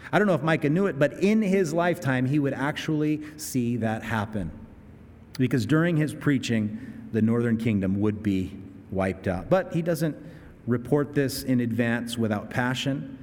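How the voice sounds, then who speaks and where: A man's voice: medium pitch, darkish tone. A male pastor preaching a sermon, mixing plain explanation and casual asides with sudden dramatic bursts. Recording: long hall reverb.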